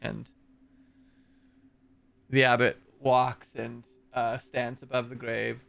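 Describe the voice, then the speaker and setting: A young man narrating a tabletop game as game master, slowly and with hesitant fillers. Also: mid-range voice, little pitch movement, gravelly, fairly bright tone, dry recording.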